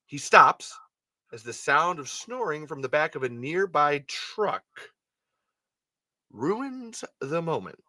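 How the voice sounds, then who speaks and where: A man's voice: on the high side, very animated, slow pace, pushed and bright, no room sound. A man hosting a podcast, reading a story aloud with casual, rambling asides and frequent self-corrections. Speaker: podcast host.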